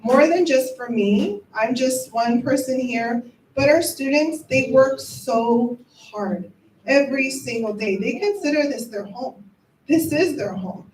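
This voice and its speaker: A woman's voice: sits high, lively intonation, measured pace, darkish tone, slight background noise. A middle-aged woman teacher giving a heartfelt, emotional ceremony speech in a school cafeteria. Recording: echoey room from a distant mic.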